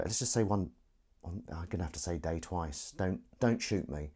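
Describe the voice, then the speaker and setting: Low husky man rambling to his stream. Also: expressive, brisk, hardly any pauses, warm tone. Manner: rambling, self-mocking, talks to himself while setting up. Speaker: livestream host. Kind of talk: casual solo livestream chat.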